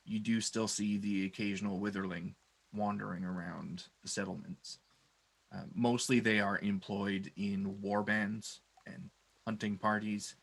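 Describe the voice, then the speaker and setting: Slow, gravelly game master man. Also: on the low side, flat delivery, rough recording. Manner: measured, descriptive, with frequent "uh". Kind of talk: tabletop game narration and rulings.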